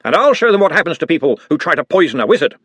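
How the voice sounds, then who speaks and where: A blustering old head wizard shouting his complaints, as a man puts him on. The voice jumps up high and swings wide, and it sits close and dry. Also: very animated, very fast, no room sound. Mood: confident. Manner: loud, indignant outbursts. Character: gruff elderly male wizard head, blustering.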